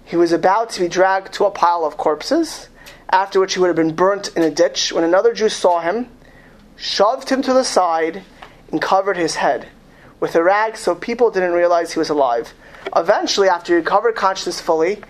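Woman retelling a story with dramatic pauses. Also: on the low side. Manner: dramatic, stumbling restarts, pauses to ask words.

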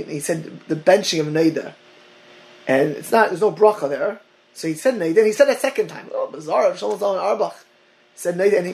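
A man with a fairly high, gravelly voice teaches a Torah class to listeners on a call. He speaks in halting bursts, restarting and repeating words. He drops Hebrew and Yiddish terms into his English. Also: poor audio.

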